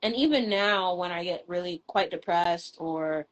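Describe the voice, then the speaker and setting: A woman's voice: lowish voice, measured pace, poor audio. A woman in a candid personal conversation, talking frankly, swearing casually and laughing between thoughts, over a live video call. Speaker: guest.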